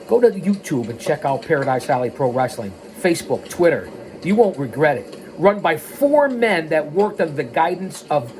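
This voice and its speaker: A male host narrating a story in the first person. He is animated and drifts into tangents and plugs before getting back on track. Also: a little high.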